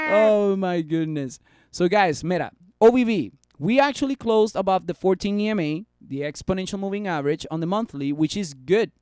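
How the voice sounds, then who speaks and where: A man's voice: high voice, lively intonation, normal speed, darkish tone, smooth. A man giving casual live stock analysis, chatty and bantering with his chat on a close mic. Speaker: stock market streamer.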